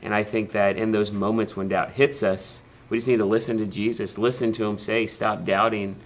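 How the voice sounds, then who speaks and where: A man's voice: on the low side, level tone, normal speed. A man hosting a devotional talk show in a TV studio, earnest and hesitant with many ums. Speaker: pastor, host.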